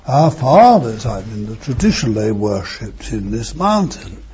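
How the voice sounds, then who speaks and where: A man's voice: on the low side, big pitch swings, measured pace, dark tone, lo-fi sound. A preacher voicing a hesitant, defensive Samaritan woman.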